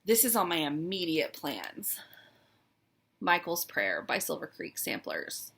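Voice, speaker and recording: Woman vlogger, casual show-and-tell, warm fondness, gravelly edge. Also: lowish voice, sing-song, a little slow. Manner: chatty, wistful, fond, with many "um"s. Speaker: cross-stitch vlogger.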